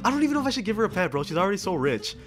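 A young man giving casual, excited gameplay commentary as a YouTuber, laughing a lot and saying dude and bro. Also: sits high, rapid-fire. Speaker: gaming YouTuber. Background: faint music.

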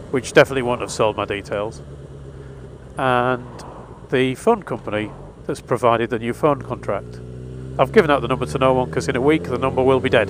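A man's voice: mid-range voice, background noise. A man chatting wryly and with some exasperation as he tells a story while riding a motorcycle. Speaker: motorcycle vlogger. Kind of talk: casual storytelling monologue. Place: outdoors on a motorcycle.

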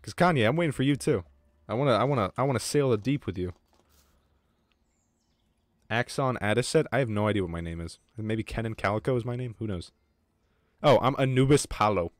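Profane, excitable young gamer man. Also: mid-range voice, moderate pace, long pauses, no room sound. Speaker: streamer. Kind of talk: casual gaming chat.

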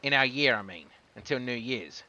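A man's voice: mid-range voice, lively intonation, moderate pace, bright, forceful tone, highs cut off. An Australian man chatting casually while streaming a game, cursing when things go wrong. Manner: chatty, swears when frustrated. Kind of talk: casual live game commentary. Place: home room with fireworks outside.

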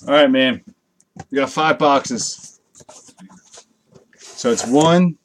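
A man's voice: mid-range voice, drawn-out words, a bit bright, slight background noise. A man hosting a live card break, chatting casually with viewers and swearing freely as he opens packs late at night. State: tired from a long night.

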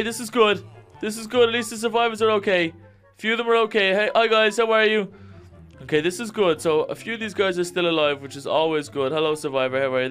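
A man giving let's-play commentary, jittery and excitable, talking straight to his viewers. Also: sits high, clean tone. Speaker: gaming YouTuber.

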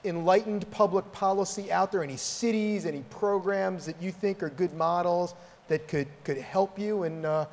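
A man's voice: high-pitched, moderate pace, darkish tone. A man hosting a conference Q&A on stage, talking hesitantly with many fillers. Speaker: conference host. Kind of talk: moderating a stage Q&A. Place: large conference hall. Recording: reverberant hall, audience, faint noise.

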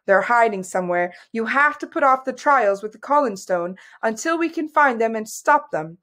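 Woman reads a determined young princess; brisk and urgent. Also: fairly high pitch, lively intonation, fairly bright tone. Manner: urgent and pleading.

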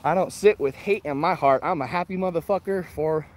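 A man's voice: a little high, a little fast, a little mellow. A man chatting casually and bluntly on a morning walk with his dogs, swearing freely and laughing as he reads and answers comments. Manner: profane, blunt, laid-back, laughs often. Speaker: vlogger reading live chat. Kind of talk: casual rambling chat on a walk.

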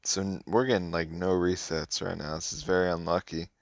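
A man's voice: low voice, fairly even intonation, fairly quick, gravelly, no room sound. A man giving offhand, casual running commentary while playing a mobile game, muttering his thoughts as he goes.

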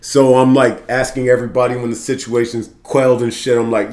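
Animated man telling a story in an echoey room. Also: medium pitch, brisk. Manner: animated, swearing, acts out other people's voices. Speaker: podcast co-host. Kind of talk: casual storytelling.

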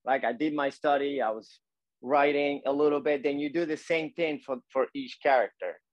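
A man teaching a calligraphy lesson while demonstrating, talking in a relaxed, repetitive coaching way with many fillers. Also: on the high side, normal speed, no room sound, muffled recording.

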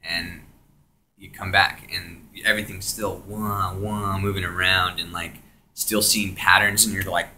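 A young man telling a story of his own experience to a camera, switching between hushed whispers and loud, swearing outbursts. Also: deep voice, fairly even intonation, moderate pace, slight background noise. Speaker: vlogger. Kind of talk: first-person storytelling.

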